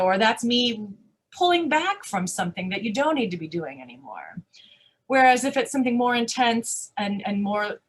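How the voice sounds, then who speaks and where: A woman conference speaker answering audience questions, animated and emphatic, with rhetorical questions and frequent restarts. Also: on the high side, normal speed, husky. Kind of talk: live Q&A answers.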